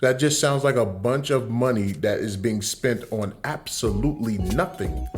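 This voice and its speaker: A man's voice: medium pitch, darkish tone, soft background music. A man co-hosting a casual podcast, reacting bluntly and teasing his partner as they talk over the news. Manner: blunt, teasing, quick to laugh. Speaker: podcast co-host. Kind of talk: casual political chat.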